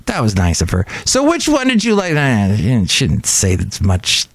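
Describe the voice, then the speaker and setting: A man's voice: mid-range voice, huge pitch swings, moderate pace, creaky, dry recording. A man hosting his own podcast, chatting casually and rambling from one aside to the next. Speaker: podcast host. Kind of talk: casual solo podcast chat.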